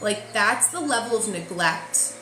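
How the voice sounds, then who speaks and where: A woman's voice: mid-range voice, expressive, unhurried, over music. A woman giving a casual spiritual forecast, chatty and emotional, often checking in with "okay?". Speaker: intuitive reader. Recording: echoey room with faint ambience.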